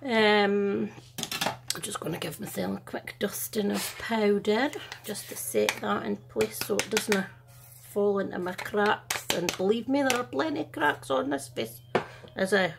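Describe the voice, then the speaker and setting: A middle-aged Scottish woman and makeup artist chatting casually through a makeup tutorial at home, in a soft, half-whispered, self-deprecating way. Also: medium pitch, measured pace, creaky, background noise.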